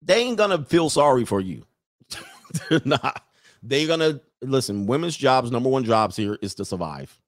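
Brief: male livestream host, animated and emphatic rant, mid-pitched voice, close dry sound. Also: measured pace, no echo.

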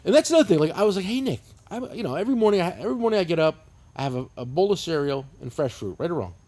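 Fifty-something jersey guy on a podcast, husky voice, swears a ton, rambles, pitch jumps around a lot. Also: expressive, racing, a little mellow. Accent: New Jersey. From New Jersey. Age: 50s. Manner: profane, rambling storyteller. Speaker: podcast co-host. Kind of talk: casual chat.

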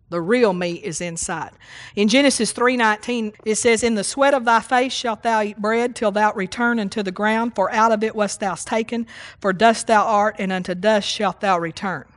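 A woman preaching a sermon, reading scripture and teaching with emphatic repetition and call-outs to the congregation. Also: mid-range voice.

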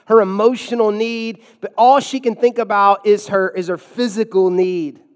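A man's voice: high-pitched, clear, resonant tone, in a large hall. A man preaching a sermon as a pastor in a church, emphatic, with sudden drops and swells in his delivery.

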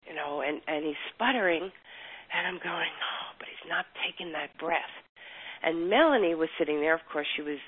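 An older woman with a low voice tells a story as a chiropractor guest in an interview. She acts out the voices of the people in her story. The sound is tinny, like it comes over a phone line. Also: slightly rough.

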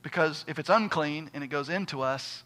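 Bright-voiced man preaching a sermon. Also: on the high side, moderate pace, a little hiss or hum. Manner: emphatic, asks the congregation rhetorical questions. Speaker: pastor.

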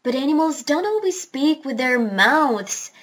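A woman voicing a clever, bossy female parrot who lectures in a brisk, know-it-all way, for a storybook reading. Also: sits high, big pitch swings.

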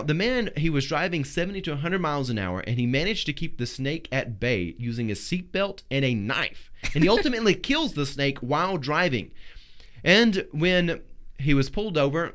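Theatrical, jokey male show host. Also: a little high. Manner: theatrical, jokey, big swings in loudness. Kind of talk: playful faith talk show segment.

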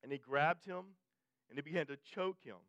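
A man's voice: fairly high pitch, a little fast, fairly bright tone, dry recording, lo-fi sound. A male pastor preaching a sermon in a conversational way, often restarting and repeating phrases and pushing his voice up for emphasis.

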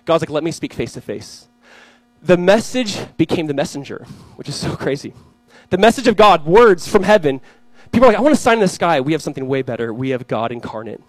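A young man, a pastor, preaching a sermon to his congregation, telling animated stories and acting out voices in his anecdotes. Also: fairly high pitch, brisk, no room sound, soft background music, poor audio.

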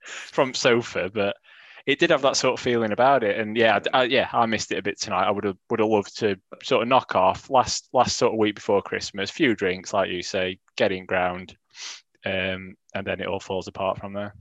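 A man, chatting in a relaxed, halting way as a football podcast co-host. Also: on the low side, no room sound, dull audio. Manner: relaxed, hesitant, repeats words. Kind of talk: casual football podcast chat.

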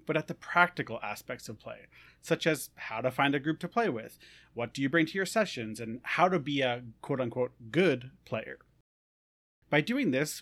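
A man's voice: medium pitch, fairly bright tone. A man co-hosting a podcast, upbeat and prone to laughing, talking with plenty of ums and uhs. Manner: laughing, upbeat, with many fillers. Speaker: podcast co-host. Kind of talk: casual podcast chat.

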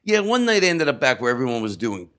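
A man's voice: mid-range voice, sing-song, fast talker, fairly bright tone. A man, a comedian, chatting casually on a podcast, rambling through stories and acting out the people in them. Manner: rambling, restarts and acts out quoted voices. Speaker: comedian guest.

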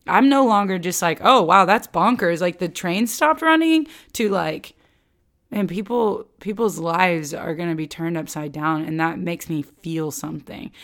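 A woman giving a casual Bible teaching for a podcast. She talks in a chatty way, fills her speech with "like", and acts out voices when she quotes. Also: fairly low pitch. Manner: chatty, with many filler "like"s.

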